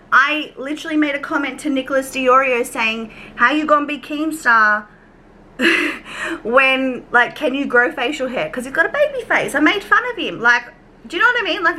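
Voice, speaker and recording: A young woman with an Australian accent tells a rambling storytime rant in a bright, somewhat high voice. She swears casually, drifts onto side tangents and acts out her back-and-forth conversations. A faint background hiss sits under the recording. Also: animated, fast, low-quality recording. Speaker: YouTube commentary vlogger.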